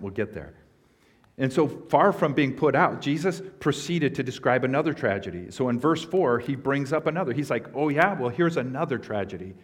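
Man preaching an earnest sermon. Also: medium pitch. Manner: earnest expository preaching with emphatic swells. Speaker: pastor.

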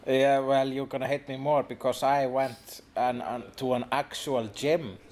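A man's voice: mid-range voice, little pitch movement, a little mellow. A man from Iceland, a native Icelandic speaker, casually chatting and joking on a podcast. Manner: playful, quick with jokes. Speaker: podcast co-host. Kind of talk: casual chat.

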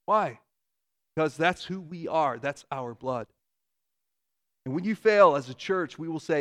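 A man preaching a sermon in a relaxed, conversational way. His voice sits a little higher than most men's, and he tells stories with animated jumps in loudness. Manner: conversational, animated storytelling with quick shifts in loudness. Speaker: pastor.

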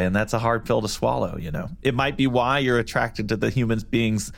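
A man's voice: medium pitch, brisk, vocal fry, hardly any pauses. A man co-hosting a casual book discussion podcast, making wry, self-deprecating asides. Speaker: podcast co-host.

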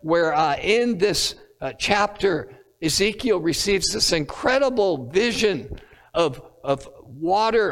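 A man preaching a sermon, pausing often on fillers and lifting his voice when quoting scripture. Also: sits high, expressive, long reverb tail. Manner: halting, many filler pauses, rising on quoted scripture.

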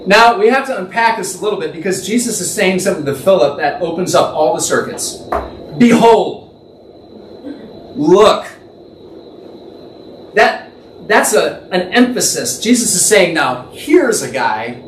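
Animated and fairly quick, a man with a high, fairly bright voice teaches from the Bible in a conversational way, imagining the scene and correcting himself while thinking aloud. It's recorded in an echoey room on a distant mic with faint background noise.

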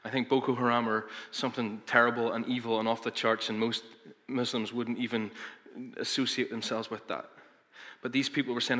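A man's voice: mid-range voice, steady tone, brisk, sharp tone. A man preaching a sermon as pastor, earnest and emphatic, with frequent fillers and restarts. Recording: long reverb of a large hall.

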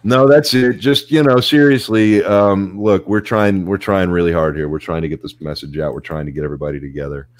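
Very deep-voiced man, dry sound. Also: fairly even intonation, a little fast, hardly any pauses, no echo. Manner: upbeat, plugging the show. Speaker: podcast co-host. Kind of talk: casual podcast chat.

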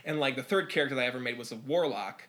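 A podcast guest talking casually about his games in a bright, forward voice. He strings his thoughts together loosely with many "like"s and "uh"s. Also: medium pitch, very fast. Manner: rambling, many fillers. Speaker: podcast guest, dungeon master. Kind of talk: casual chat.

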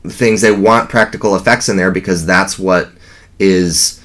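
Casual fan podcast: man, low voice, rambling, enthusiastic. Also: steady tone, unhurried, fairly bright tone.

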